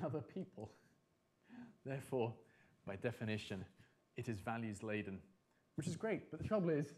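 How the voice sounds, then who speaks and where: A man giving a conference talk, animated and emphatic, repeating his key phrases for effect. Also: mid-range voice. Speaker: conference speaker.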